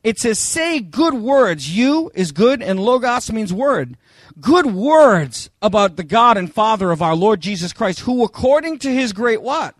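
A man preaching a sermon, emphatic, quizzing the congregation and swinging between loud proclaiming and quick asides. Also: high-pitched, big pitch swings, no echo.

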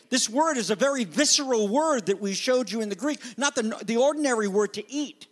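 High-voiced pastor preaching in an echoing hall. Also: male voice, a little fast, hardly any pauses. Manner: animated, acts out quoted voices, restarts. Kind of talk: sermon.

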